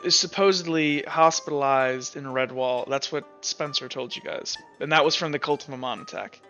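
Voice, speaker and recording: A woman's voice: extremely low pitch, moderate pace, a bit bright, lo-fi sound, soft background music. A woman running a tabletop game as game master, narrating in a rambling way with many fillers.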